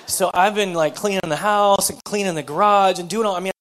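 A preacher putting on an agitated woman, pitched high. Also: fairly quick, natural voice. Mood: breezy excited. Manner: high, exclaiming, pleading. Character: distressed woman in counseling, emphatic.

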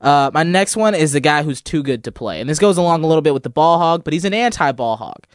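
A man's voice: a little high, animated, fast, no echo, studio quality. A man in casual podcast chat, easygoing and agreeable.

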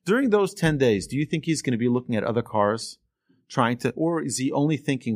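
A man teaching a Torah lesson through a lively story, acting out the voices of the people in it. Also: on the high side, brisk, no room sound, studio quality. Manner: animated storyteller, acts out voices. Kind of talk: storytelling sermon.

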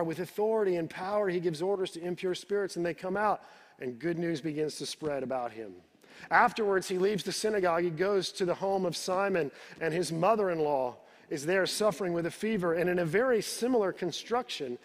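A male pastor preaching a sermon, retelling the scripture in his own words and repeating words as he builds each point. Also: high-pitched. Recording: reverberant hall.

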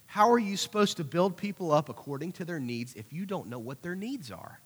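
A man preaching a conversational youth sermon, animated, with acted-out asides. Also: sits high, a little fast, few pauses, slightly rough. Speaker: youth pastor. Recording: hall reverb.

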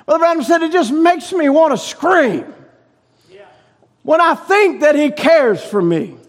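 Male pastor, very high-pitched, delivers a sermon in shouting bursts with quiet dips. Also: lively intonation, measured pace. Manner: shouting preaching cadence that drops low and soft. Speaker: preacher.

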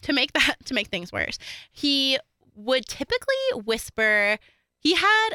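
A young woman co-hosts a casual true-crime podcast and talks in a chatty, animated way, acting out what people said. Her voice is bright and smooth, a little higher than most. The sound is dry and close. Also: measured pace, no echo. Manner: chatty, animated, says "like" a lot, acts out quotes. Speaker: podcast co-host.

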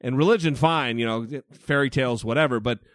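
A man's voice: medium pitch, brisk, no room sound, studio quality. A man talking as a podcast guest, emphatic and swearing freely, getting heated about politics. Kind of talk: casual chat.

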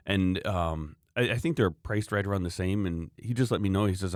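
A man with a low voice chatting on a podcast, telling long meandering stories about his customers. He slips into the voices of the people he quotes as he goes. The sound is close and dry, with no room around it. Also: fast talker, hardly any pauses, no echo. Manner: rambling storyteller, acts out quoted customers. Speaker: podcast co-host, knife maker. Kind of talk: casual chat.

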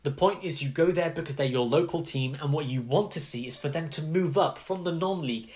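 A man's voice: on the high side, brisk. A man, a podcast co-host who chats casually and animatedly, with many asides. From England. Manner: animated, talks in long runs with many asides. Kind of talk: casual chat.

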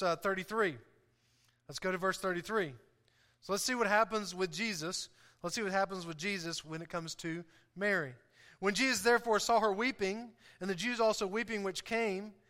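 A man preaching with a high, bright voice that rings back from a large hall with long reverb. He is emphatic, and he keeps turning to the congregation with questions for them to answer. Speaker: pastor. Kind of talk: sermon.

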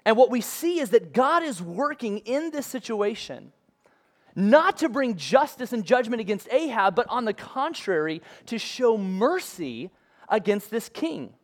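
High-pitched guy preaching, chatty and relaxed about it. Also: a little slow. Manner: casual and conversational with modern comparisons. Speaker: pastor. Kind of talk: sermon.

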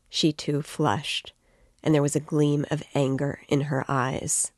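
A woman reading a novel aloud as narrator, in a measured, even way. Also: extremely low pitch, no echo, clean studio sound. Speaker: audiobook reader.

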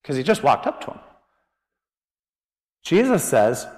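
A man preaching a conversational sermon as pastor, animated and joking as he thinks aloud. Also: medium pitch, measured pace. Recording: long reverb of a large hall.

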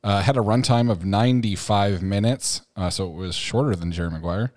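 A man with a low voice co-hosts a casual podcast, recorded close and dry with no room sound. He reads off figures in a plain, listing way. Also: a little mellow, no room sound. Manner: plain, reads facts in quick list. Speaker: podcast co-host. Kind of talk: casual chat.

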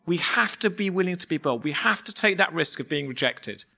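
Bright-voiced man telling a sermon story. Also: fairly high pitch, brisk, vocal fry. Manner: animated, acts out voices in anecdotes. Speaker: pastor.

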